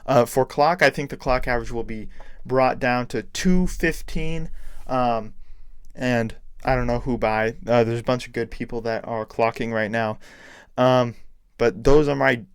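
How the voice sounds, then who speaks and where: A man's voice: mid-range voice, steady tone, unhurried, smooth, no room sound. A man hosting a podcast alone, talking in a chatty, hesitant, self-deprecating way while losing his voice. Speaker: podcast host. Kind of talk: casual solo podcast chat.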